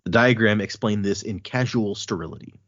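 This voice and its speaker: A man hosting a casual podcast, reading passages from a book aloud and talking them over in a relaxed way. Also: lowish voice, brisk, no echo, dull audio. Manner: relaxed, with fillers and restarts.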